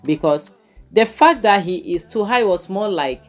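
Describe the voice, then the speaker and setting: A woman's voice: medium pitch, lively intonation, moderate pace, faint music behind. A young Nigerian woman vlogging a chatty review of a drama series, full of "you know" and "to her it was more like" as she recaps the scenes. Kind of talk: casual video commentary.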